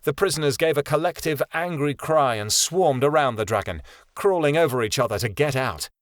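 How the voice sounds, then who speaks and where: Steady male audiobook narrator. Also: a little high, fairly quick, no echo, clean studio sound. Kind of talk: scripted narration.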